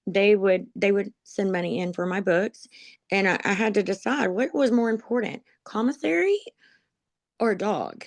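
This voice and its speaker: A woman with a mid-range voice speaks at a normal pace, recorded with no echo. A graduate of a dog program, she's being interviewed and tells her life story as personal testimony, rambling and emotional, full of ums and laughing at herself.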